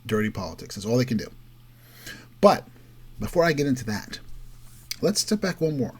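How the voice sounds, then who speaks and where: A man's voice: medium pitch, big pitch swings, moderate pace, darkish tone, slightly rough. A man hosting a political commentary show, delivering an opinionated monologue and mocking others with quoted voices. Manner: emphatic, mocking quotes in raised voice.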